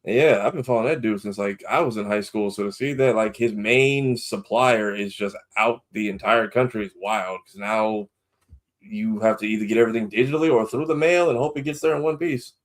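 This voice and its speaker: A man co-hosting a casual podcast, chatting in a relaxed, somewhat hesitant way. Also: fairly low pitch, brisk. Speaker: podcast co-host. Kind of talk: casual chat.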